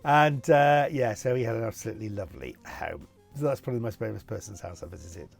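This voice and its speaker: A man's voice: fairly low pitch, expressive, quick pace, gravelly, faint music behind. A cheerful middle-aged man hosting a casual Q&A, reading out viewer questions and answering them in a jokey, chatty way. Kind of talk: casual Q&A video.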